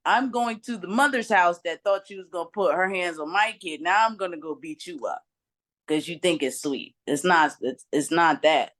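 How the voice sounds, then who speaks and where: A woman's voice: fairly low pitch, expressive, moderate pace, fairly bright tone. A woman on a podcast panel, talking heatedly and firing off rhetorical questions in casual chat.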